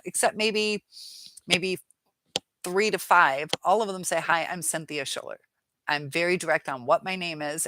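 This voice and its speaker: A woman's voice: fairly low pitch, sharp tone. Exasperated woman reading live chat comments. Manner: reads viewer comments aloud and answers them, frank and exasperated.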